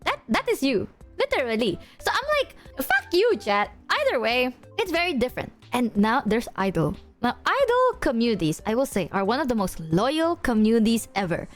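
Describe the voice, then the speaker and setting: Give me a young woman streamer with a high voice that leaps all over, chatting casually with her viewers. She is bubbly, laughs a lot and curses without a second thought. Faint music plays behind her. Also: wildly swooping pitch, brisk, few pauses. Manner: bubbly, swears freely, laughs often.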